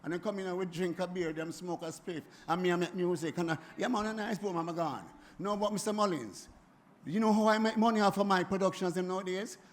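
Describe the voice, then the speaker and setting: A Jamaican man in his seventies, speaking at a forum in an animated, emphatic way that keeps circling back and repeating itself. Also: high-pitched, a little fast. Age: 70s. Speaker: music producer speaking at a forum. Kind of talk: impassioned spoken address.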